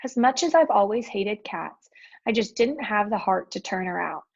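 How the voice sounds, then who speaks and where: A woman's voice: medium pitch, lively intonation, moderate pace, vocal fry, breathy edge, highs cut off. A woman voicing a fond, chatty mother in a storybook reading. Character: warm relieved mother.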